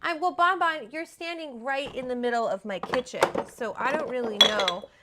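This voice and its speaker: A woman's voice: high voice, moderate pace, very noisy. Chatty woman cooking at home. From Alberta, Canada. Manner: rambling, chatty, casually swearing. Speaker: cooking show host. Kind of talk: casual cooking livestream chat. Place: home kitchen.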